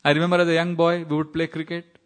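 Indian man giving a lively scripture class. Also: a little high, fast talker. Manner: storytelling, chanting Sanskrit verses, laughing. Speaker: spiritual teacher.

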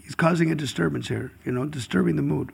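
Guy teaching scripture, gravelly and kinda husky, a bit high, chuckles through the stories. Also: quick pace, darkish tone. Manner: chuckling, storytelling delivery; chants Sanskrit verses. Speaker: scripture speaker. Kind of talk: devotional scripture class.

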